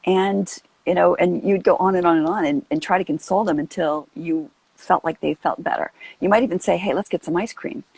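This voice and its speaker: A woman's voice: lowish voice, steady tone, a little fast, creaky, few pauses, darkish tone, slightly rough, no echo, rough recording. A woman hosting a casual live chat on a video call, earnest and rambling with lots of fillers. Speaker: host.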